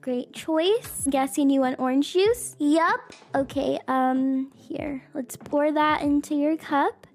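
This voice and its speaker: A woman narrating a toy roleplay as a busy single mom, chatty and unhurried. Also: high-pitched, darkish tone, soft background music.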